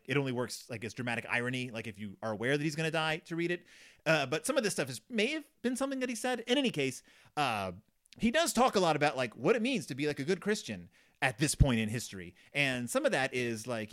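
A man's voice: medium pitch, fairly bright tone. A man hosting a podcast, casually and jokingly reviewing a children's book with lots of asides and filler words. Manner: rambling, jokey, full of "like" and asides, puts on silly voices for characters. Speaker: podcast host.

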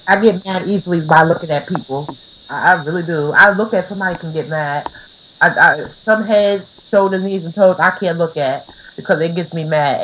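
A woman's voice: lowish voice, a bit bright, slight background noise, rough recording. A woman co-hosting a podcast in casual chat, blunt and given to cussing and laughing. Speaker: podcast co-host.

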